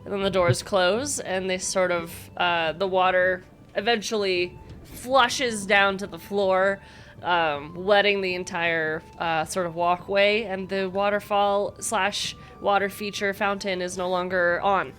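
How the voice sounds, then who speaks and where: A woman's voice: medium pitch, fairly even intonation, a little slow, fairly bright tone. A woman narrating a tabletop game as game master, chatty and often laughing. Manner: giggly, loose and chatty.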